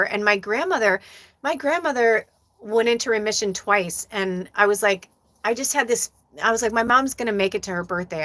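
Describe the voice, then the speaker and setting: A woman's voice: medium pitch, bright, forceful tone, no echo. A middle-aged woman hosting a live stream as a medium, talking casually and from the heart, rambling with many fillers.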